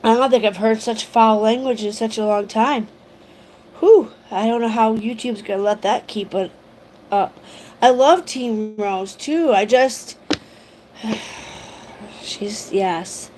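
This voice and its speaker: A woman's voice: a little high, fairly even intonation, slow, a little mellow, a little hiss or hum. A woman hosting a reaction livestream, exclaiming in shock and chatting with her viewers. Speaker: host.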